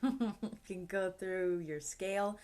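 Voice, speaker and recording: A woman acting coach guiding a vocal warm-up in a relaxed, encouraging way, with light laughs and sighs. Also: mid-range voice, takes it slowly, very noisy.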